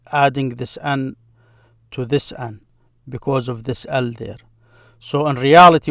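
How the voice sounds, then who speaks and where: Slow, patient male teacher. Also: mid-range voice, no echo, studio quality. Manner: slow and patient, repeats words to model pronunciation. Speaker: Arabic teacher. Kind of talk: screen-share grammar lesson.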